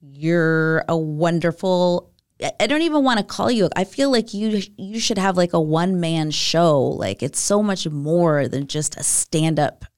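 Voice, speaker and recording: A woman's voice: on the low side, expressive, unhurried, a little mellow, clean tone. A woman chatting casually, eager and agreeable, talking about her day and praising her friend. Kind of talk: casual podcast chat.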